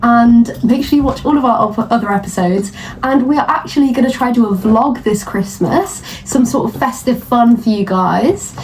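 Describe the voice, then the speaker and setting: A woman's voice: fairly high pitch, normal speed, darkish tone, far from the mic, poor audio. A woman co-hosting a podcast, speaking in a dry, teasing, laid-back way. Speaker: podcast co-host. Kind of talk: casual comedic chat. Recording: voice set back from the mic, faint background hiss.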